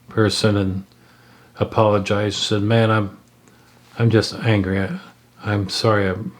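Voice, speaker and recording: Slow, low-voiced man telling a story. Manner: halting, with frequent fillers and restarts. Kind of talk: unscripted spoken storytelling.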